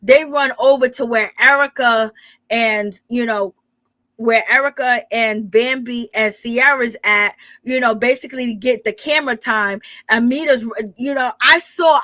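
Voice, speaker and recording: A woman's voice: fairly high pitch, no room sound. A woman hosting a casual reality TV recap, chatting animatedly, laughing often and acting out quoted lines. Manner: animated retelling with quoted dialogue. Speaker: gossip channel host.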